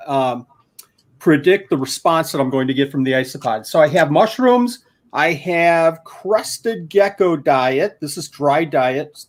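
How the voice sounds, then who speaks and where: Rambling man telling a story, higher voice. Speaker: guest isopod keeper. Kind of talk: casual livestream chat. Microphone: handheld camera.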